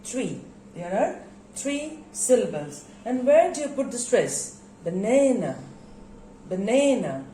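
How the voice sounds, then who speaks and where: A woman with a Bangladeshi English accent teaches a recorded pronunciation lesson at an unhurried pace. She spells words letter by letter and asks her class questions that she answers herself. Her voice is mellow and sits in an echoey room. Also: fairly high pitch, sing-song, a little hiss or hum.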